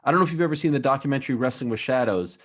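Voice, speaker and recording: A man's voice: mid-range voice, lively intonation, rapid-fire. Enthusiastic male host steering the chat. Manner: enthusiastic, steers the talk with questions. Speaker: host, journalist. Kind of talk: casual chat.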